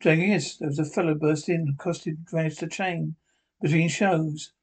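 A man's voice: a little high, fairly even intonation, normal speed, husky. A man reading a blustering Victorian theatre owner. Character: bumbling, verbose Victorian theatre owner, male.

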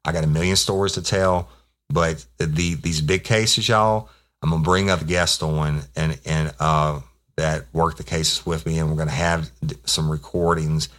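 A man's voice: very deep voice, steady tone, normal speed, fairly bright tone. A middle-aged man, casually telling a rambling, profane police story as podcast host.

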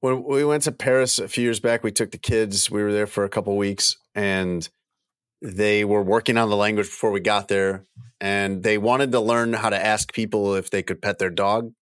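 A man's voice: lowish voice, steady tone, moderate pace, clean tone, no room sound, clean studio sound. A middle-aged man co-hosting a casual podcast chat, rambling and repeating phrases as he tells a travel story. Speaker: podcast co-host.

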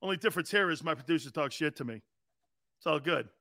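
Loud joking high-voiced male radio host. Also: expressive, fast, gravelly, dry recording. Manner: loud, joking, laughs often, rambling. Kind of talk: casual sports talk radio.

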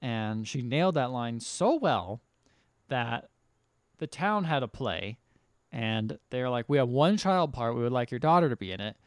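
A man's voice: mid-range voice, animated, unhurried, clear, resonant tone, no echo, clean studio sound. A man with an American accent co-hosting a podcast, casually retelling a film and acting out the characters' lines. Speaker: podcast co-host. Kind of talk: casual chat, recapping a film.

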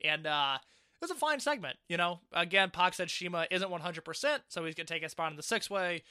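A man's voice: high voice, expressive, brisk, pushed and bright, clean tone, no echo, clean studio sound. A man co-hosting a podcast, giving laid-back, wry commentary in a casual chat. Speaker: podcast co-host. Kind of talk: casual chat reviewing a wrestling show.

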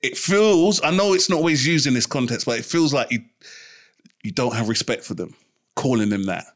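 A man's voice: medium pitch, lively intonation, brisk. A man co-hosting a podcast, talking casually and insistently, repeating himself and tripping over his words. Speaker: podcast co-host. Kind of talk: casual chat.

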